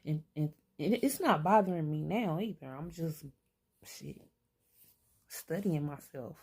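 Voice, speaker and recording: An older woman with a low, deep voice, talking straight to camera as she works through her own thoughts. She is blunt and streetwise, curses easily, and sometimes talks to herself aloud. Her speech is candid and unscripted. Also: expressive, measured pace, darkish tone, slightly rough. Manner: swears freely. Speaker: vlogger. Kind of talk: candid self-reflective monologue.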